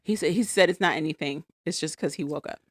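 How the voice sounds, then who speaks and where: Woman podcast host chatting about a show, kinda low voice, dry close mic, acts out quotes. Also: fast talker, no room sound. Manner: animated storytelling, acts out quotes. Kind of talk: casual recap chat.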